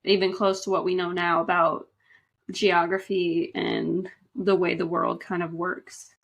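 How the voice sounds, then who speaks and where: A woman's voice: on the low side, measured pace, vocal fry, breathy edge, highs cut off. Easygoing woman podcast co-host. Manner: easygoing, asks questions, laughs along. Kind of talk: casual chat.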